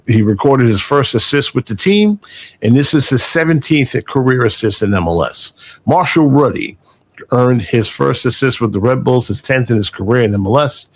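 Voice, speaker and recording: A man's voice: medium pitch, a little mellow. Male podcast host, mid-range voice, casual, rambling, filler-heavy stat reading. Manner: rambling, full of fillers and restarts while reading stats. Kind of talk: casual sports podcast chat.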